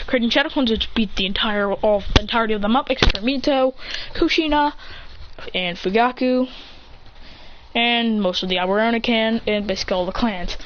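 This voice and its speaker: A woman telling an improvised fan story in a rambling, excitable way, full of restarts and mouth sound effects. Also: fairly high pitch, a little fast. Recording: dull lo-fi with faint hiss.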